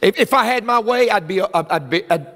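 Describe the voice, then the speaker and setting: A middle-aged man preaching a sermon, excitable, swinging between quiet asides and shouted lines. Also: sits high, brisk, some chatter behind. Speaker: pastor. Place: large church sanctuary. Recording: church hall with long reverb.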